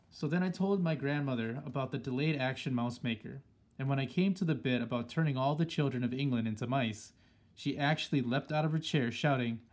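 A man reading a children's story aloud in a steady, plain storytelling manner. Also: mid-range voice, brisk. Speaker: audiobook reader. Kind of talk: storybook narration.

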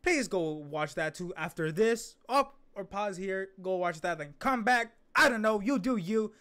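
A young man hosting a casual reaction video, excitable and rambling, trailing off and restarting his thoughts. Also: high-pitched, unhurried, clear, resonant tone.

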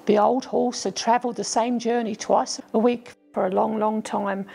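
Gravelly-voiced woman reading a storybook. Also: fairly high pitch, fairly even intonation, normal speed, faint music behind. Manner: gentle storyteller, voices the children lightly. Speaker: author reading her story. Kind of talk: storybook narration.

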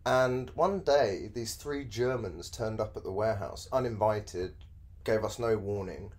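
A man's voice: fairly low pitch, measured pace, a little mellow. A man hosting a podcast, chatting casually and cracking dry jokes with a co-host. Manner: dry joking, laid-back banter. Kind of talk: casual chat.

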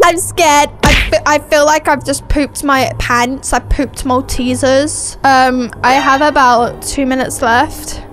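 High-voiced nervous woman gaming. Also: fairly even intonation, slow pace, few pauses, fairly bright tone, soft background music. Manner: jumpy, nervous, talks to viewers. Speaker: gaming YouTuber. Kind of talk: excited gameplay commentary.

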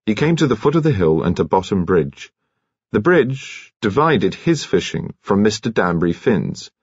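A man reading an audiobook in a measured, expressive storytelling style. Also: deep voice, breathy edge, no room sound, dull audio. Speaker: audiobook narrator. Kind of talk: scripted audiobook narration.

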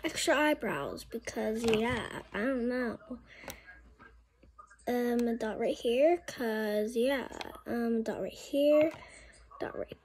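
A woman's voice: fairly high pitch, animated, slow, a little mellow, slight background noise, rough recording. A woman chatting casually through a makeup tutorial, rambling and mocking herself, often trailing off. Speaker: makeup vlogger.

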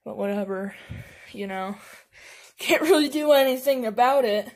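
A woman's voice: on the high side, normal speed, darkish tone, natural voice. A woman voicing a mopey, unappreciated young plumber who whines about not being respected, in an amateur comedy sketch. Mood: glum. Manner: whiny, self-pitying, mumbling asides.

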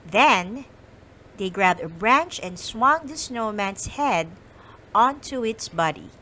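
A woman teacher reading a picture book aloud to children, slow and expressive. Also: medium pitch, a little hiss or hum, rough recording. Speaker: storyteller teacher. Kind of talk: read-aloud storytelling for kids.

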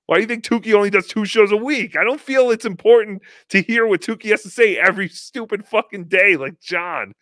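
A man's voice: sits high, brisk, hardly any pauses, fairly bright tone, no echo, studio quality. A man hosting a casual online show, joking, laughing a lot and slipping into mocking voices. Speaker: host. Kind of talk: casual chat.

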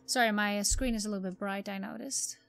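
A woman's voice: mid-range voice, fairly even intonation, fast talker, fairly bright tone, soft background music. A woman playing a game and reading its dialogue aloud, with asides to her viewers. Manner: reads dialogue with light reactions and asides. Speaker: game streamer.

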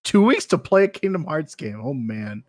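A man's voice: fairly high pitch, very animated, normal speed, dry recording. Man, podcast co-host, casual chat, skeptical, dry sound. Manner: skeptical, teasing.

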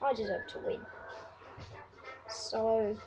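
A woman giving excitable gameplay commentary while playing, exclaiming and swearing at the game and calling out her own shots in mock play-by-play. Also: fairly high pitch, slow pace, music in the background.

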